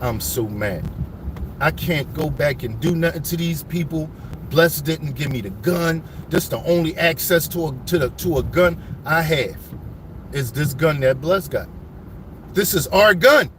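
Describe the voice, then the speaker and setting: A man with a somewhat high voice tells old street stories as he drives through his neighborhood. He talks straight to his viewers, animated, loose and full of slang. Faint city traffic hums behind him. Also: unhurried. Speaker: vlogger telling his life story. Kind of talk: casual street storytelling. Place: driving around a city neighborhood.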